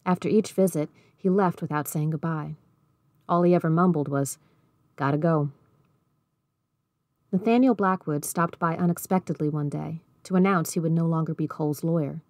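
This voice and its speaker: A woman reading a novel aloud in an even, measured storytelling manner. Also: low voice, no echo. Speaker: audiobook reader.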